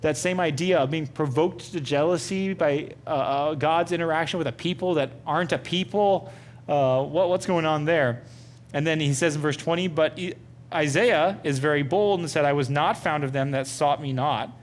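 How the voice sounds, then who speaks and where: Man teaching Bible study, higher-pitched voice. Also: normal speed, a little hiss or hum. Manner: asks the group many questions, conversational with fillers. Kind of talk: interactive Bible study lesson.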